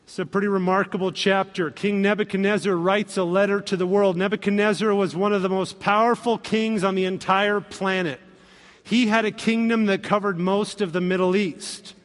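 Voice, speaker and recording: Male pastor, high voice, animated sermon delivery, reverberant church sound. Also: moderate pace. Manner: animated, acts out quoted voices with humor.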